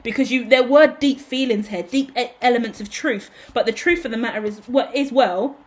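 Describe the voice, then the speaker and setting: Excitable high-voiced woman tarot reader. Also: normal speed. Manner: excitable, shouts and laughs, swears casually. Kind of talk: casual tarot reading to viewers.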